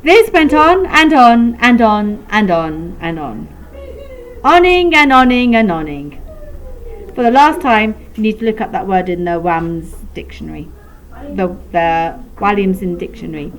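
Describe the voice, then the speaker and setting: A woman teacher with an English accent reading a storybook aloud to a class, expressive and playful with sound effects, in a classroom. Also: medium pitch, measured pace, low-quality recording.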